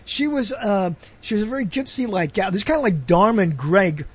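A man's voice: high-pitched, expressive, brisk, husky. A man hosting a show, talking in a rambling, chatty monologue that keeps breaking off into asides. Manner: digressive, chatty, self-interrupting. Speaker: show host.

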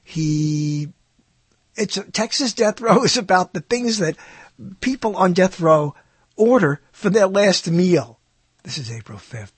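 A man's voice: high-pitched, animated, slow, breathy edge, no room sound. A man hosting a radio show, rambling and muttering to himself as he searches through old recordings. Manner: mutters and trails off while searching. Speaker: radio host. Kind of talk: rambling talk while browsing old recordings.

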